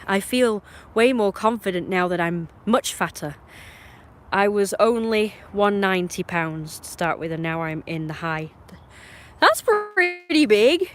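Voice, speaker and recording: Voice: medium pitch, a bit bright. Rambling, opinionated English streamer. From England. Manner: chatty, opinionated, meandering with frequent restarts. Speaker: live streamer. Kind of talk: rambling casual chat on a live stream.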